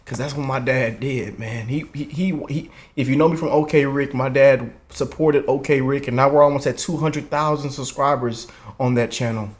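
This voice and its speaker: A young man, talking through an emotional reaction commentary. His delivery is heartfelt and earnest, peppered with "man" and "y'all". His voice sits at an ordinary middle pitch. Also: steady tone, normal speed, hardly any pauses. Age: 20s. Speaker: reaction channel host.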